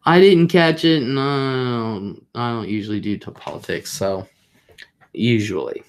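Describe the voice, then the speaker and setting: A woman's voice: rumbling low, unhurried. A woman hosting a casual livestream, chatting straight to her viewers in a rambling, talkative way. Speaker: livestream host.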